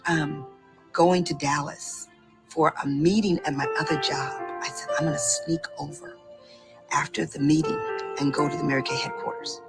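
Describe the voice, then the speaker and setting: Brief: middle-aged woman, low voice, animated storyteller, laughs often, soft music underneath. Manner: animated, laughing, acts out quotes. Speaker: sales director telling her story. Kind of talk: personal storytelling.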